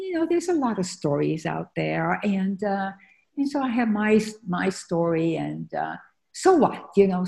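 In a conversational interview, an author from Argentina whose first language is French earnestly tells her story with frequent fillers. Her voice is lowish and warm, with vocal fry.

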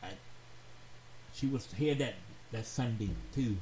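A man hosting a radio talk show, giving heartfelt advice in a slow, earnest, preachy way and repeating phrases for emphasis. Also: medium pitch, mellow. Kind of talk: heartfelt advice monologue to listeners. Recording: roomy echoey sound with faint background noise.

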